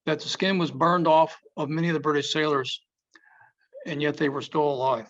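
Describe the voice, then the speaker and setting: A man with a somewhat high voice tells history at a museum talk, leaning hard on the dramatic moments. His emphatic storytelling comes through a muffled, lo-fi recording. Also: fairly even intonation, normal speed. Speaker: museum speaker. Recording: dull lo-fi sound.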